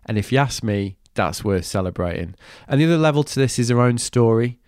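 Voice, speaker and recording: Here the Manchester podcast host, stuffed up and nasal from a cold, is cheeky and keen, swears casually, and goes from a scripted intro to easygoing interview talk. His mid-range voice is darkish and clean, with lively intonation and a slightly fast pace. The sound is clean studio audio without echo.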